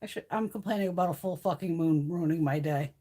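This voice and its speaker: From her mountain home, a blunt woman hosts a beauty livestream, casually talking with viewers, cursing freely and laughing often. She speaks fast in a lowish, mellow voice with a slight roughness.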